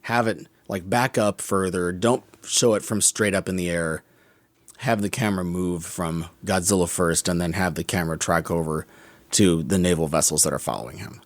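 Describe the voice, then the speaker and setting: A deep male voice with fairly even intonation comes through a dry recording at a moderate pace. The speaker, a podcast co-host, critically mulls over a film's scenes in relaxed conversation, often catching and correcting himself mid-sentence.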